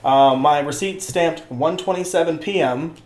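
A young man co-hosts a casual podcast and tells stories with lots of energy, swearing freely and acting out quotes. His voice sits a little high. The room has a noticeable echo. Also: moderate pace. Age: young adult. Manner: animated storyteller, swears, acts out quotes. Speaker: podcast co-host. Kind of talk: casual chat.

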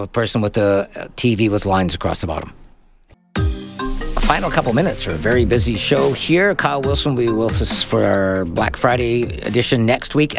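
A man's voice: fairly low pitch, vocal fry. A man hosting a call-in tech radio show, chatting casually with guests and reading out listener messages. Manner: chatty, laughs easily, reads listener messages.

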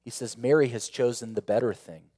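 A man's voice: mid-range voice, fairly even intonation, brisk. Earnest male pastor preaching in a reverberant hall. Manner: earnest, rises to emphatic peaks then drops quiet and intimate; repeats phrases and asks rhetorical questions. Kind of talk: sermon.

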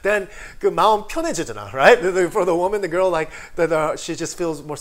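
A male pastor preaching a livestreamed sermon in a voice pitched a little above the usual for a man. He moves between loud, fervent praise and soft, chatty asides to his viewers. He leans on a constant "right?" and calls for amens. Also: expressive, fast. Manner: repetitive, call-and-response with many "right?" and "amen".

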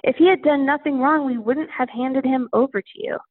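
A woman's voice: sits high, brisk, slightly rough, no echo, voice pushed up. A woman voicing insistent, accusing male temple leaders in a Bible reading. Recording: tinny phone-like line.

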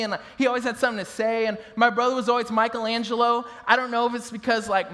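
High-voiced laughing pastor in a hall. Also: male voice. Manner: animated storytelling, laughing with the crowd. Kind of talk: sermon.

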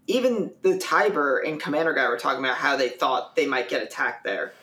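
A co-host in a casual podcast chat, relaxed and a little hesitant, with plenty of fillers. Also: mid-range voice, brisk, reverberant. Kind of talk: casual chat about an anime episode.

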